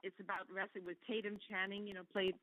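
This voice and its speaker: A woman's voice: medium pitch, flat delivery, fast talker, dry recording, narrow, tinny audio. A woman, an actress guest on a talk show, chatting casually, laughing often and restarting her sentences. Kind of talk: casual interview chat.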